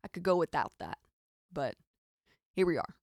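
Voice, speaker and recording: A woman with a Southern Arkansas accent tells a comic story in a low, gravelly voice. She talks in animated, exasperated bursts with wry asides. The sound is dry and close, with no room around it. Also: normal speed, no echo. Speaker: podcast host. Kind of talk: comedic storytelling monologue.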